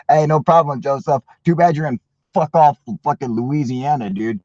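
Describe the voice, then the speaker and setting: A man's voice: on the high side, normal speed, darkish tone, no echo, dull audio. A man hosting a casual livestream, joking crudely and swearing a lot. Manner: crude, profane, jokey. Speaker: channel host. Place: at work.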